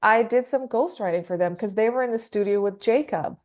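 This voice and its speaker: Woman, metal singer, casual interview, chatty, laughs often, quotes people in lively voices. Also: fairly high pitch, a little fast.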